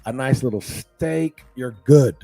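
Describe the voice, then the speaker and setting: A man who is a guest fishkeeper, chatting casually in an interview with a laid-back, animated manner. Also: medium pitch, takes it slowly, creaky, soft background music. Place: living in Northern California.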